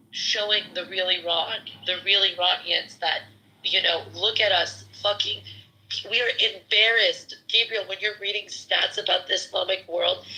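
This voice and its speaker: A woman's voice: mid-range voice, sharp tone, low-quality recording. A woman hosting a podcast, talking passionately and emotionally, with casual swearing. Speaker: podcast host. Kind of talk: casual livestream chat, translating for guests.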